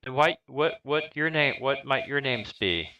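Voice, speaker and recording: A man's voice: mid-range voice, animated, measured pace, bright, forceful tone, highs cut off, pitched above the performer's own voice. A man voicing a prim, disapproving orphanage headmistress in her fifties who asks clipped, suspicious questions. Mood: curious.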